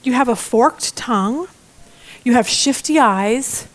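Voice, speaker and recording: A woman voicing an excitable, naive female rabbit in a joke she tells. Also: fairly high pitch, takes it slowly. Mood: matter-of-fact. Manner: squealing with delight.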